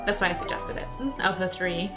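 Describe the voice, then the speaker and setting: A woman's voice: lowish voice, level tone, brisk. A young adult woman streamer chatting casually and thinking aloud while she plays. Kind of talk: casual gameplay commentary. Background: game music.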